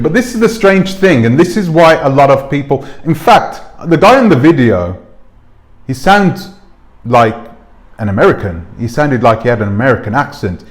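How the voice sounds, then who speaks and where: Speaking in a mid-range voice at a normal speed, this very animated man leaves long pauses as he talks. He runs his own commentary channel and addresses the camera informally via a clip-on microphone, wandering off topic and posing rhetorical questions to his audience.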